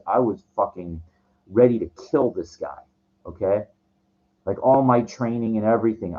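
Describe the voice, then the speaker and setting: A man telling a story in a casual rant, agitated and profane, often stumbling and restarting his sentences. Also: low voice. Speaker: vlogger. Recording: dull lo-fi recording.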